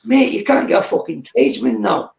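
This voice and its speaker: A man's voice: on the high side, sing-song, brisk. A man in his fifties talking bluntly in a casual chat, swearing often and saying "mate" at every turn. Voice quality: gravelly. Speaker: guest on a live stream. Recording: echoey room.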